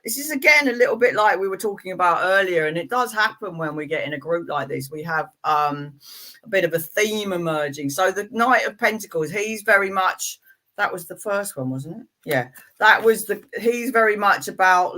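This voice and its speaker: Bright-voiced chatty tarot reader. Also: female voice, fairly low pitch, expressive, normal speed. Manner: chatty and playful, rambling asides. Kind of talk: casual live-stream reading.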